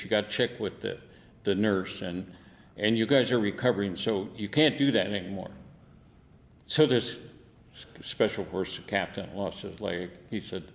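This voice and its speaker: Older guy, lowish voice, salty army stories with lots of laughing, some room echo. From United States. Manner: salty, laughing anecdotes with acted-out quotes. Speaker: veteran interviewee. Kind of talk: oral history storytelling.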